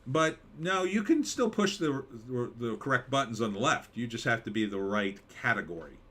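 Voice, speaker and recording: A man's voice: medium pitch, animated, moderate pace, fairly bright tone. A man hosting a live stream, chatting casually and reading viewer comments, with a mid-Atlantic American accent. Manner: rambling, conversational, with mock announcer bits.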